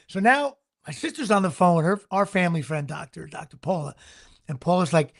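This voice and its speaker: A man with a high, gravelly voice hosts a casual talk show. He tells his story in an animated, rambling way, circling back and restarting his sentences again and again. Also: brisk. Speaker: podcast host.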